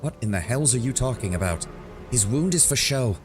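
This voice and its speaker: A man's voice: mid-range voice, expressive, fairly quick, music in the background, pitched above the performer's own voice, close to an everyday voice. Man voicing a commanding, scornful elf warrior woman. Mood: urgent. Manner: accusing, scornful. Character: sharp-tongued female elf warrior, commanding. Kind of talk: reading game dialogue aloud.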